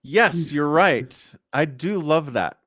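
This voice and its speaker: A man co-hosting a gaming podcast, animated and playful, acting out little bits in casual chat. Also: a little high, takes it slowly, no room sound, clean studio sound. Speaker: podcast co-host.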